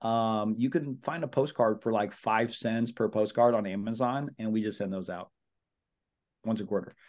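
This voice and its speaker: A man with a fairly low voice and moderate pace coaches real estate agents during a team meeting. He's casual and energetic, repeats his points, acts out sample phone calls, and addresses listeners as "guys" and "brother."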